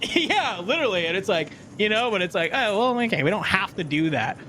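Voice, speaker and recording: A woman casting a live esports broadcast, chatty and animated, often laughing as she breaks down the standings. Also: mid-range voice, a little fast, crowd noise. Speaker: esports caster.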